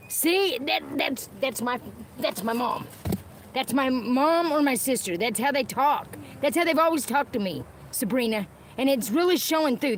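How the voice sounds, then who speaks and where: A woman with a voice on the high side rants angrily from her car during an unscripted livestream, talking to viewers. She swears heavily and repeats phrases, while dogs nearby and faint noise sit in the background.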